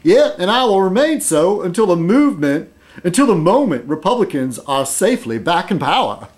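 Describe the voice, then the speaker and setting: A man's voice: high-pitched, big pitch swings, normal speed, a little mellow, voice pushed up. A man voicing a smug male cartoon penguin with a put-on US Southern accent, drawling sarcastically. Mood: sarcastic.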